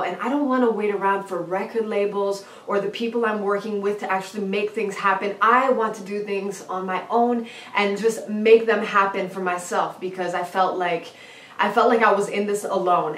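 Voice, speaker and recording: A young woman tells a personal story straight to her viewers, lively and chatty, jumping into high excited voices when she quotes herself. She sits a little back from the mic in a roomy space, so the voice carries some echo. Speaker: singer and vlogger. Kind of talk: casual storytelling to camera. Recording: roomy, slightly distant from the mic.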